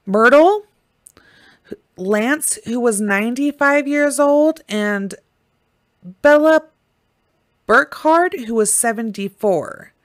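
A woman's voice: a little high, no room sound, studio quality. A young woman hosting a true crime show, talking casually and ranting angrily with lots of swearing. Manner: angry, profane, ranting; mocks people in put-on quoted voices. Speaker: true crime podcast host.

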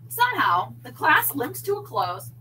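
A woman reading a novel aloud on a livestream, expressive and animated, dropping chatty asides to her viewers. Her voice is fairly high and bright, and there is a faint hum in the background. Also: measured pace, rough recording. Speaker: audiobook reader.

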